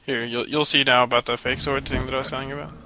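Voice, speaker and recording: A man's voice: mid-range voice, level tone, rapid-fire, sharp tone, slight background noise. A man giving casual, sarcastic let's play commentary, loosely paraphrasing the game's dialogue with lots of swearing. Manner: tired and cranky.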